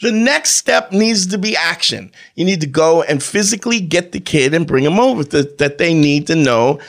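Man, podcast guest, emphatic, repeats phrases, raised pitch, gravelly rasp. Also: lively intonation, normal speed, a bit bright. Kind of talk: casual opinionated chat.

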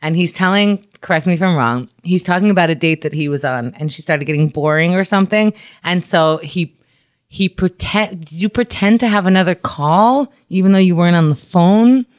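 A woman comedian chatting casually, telling animated stories with frequent laughter. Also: lowish voice, fairly quick. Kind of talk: casual chat.

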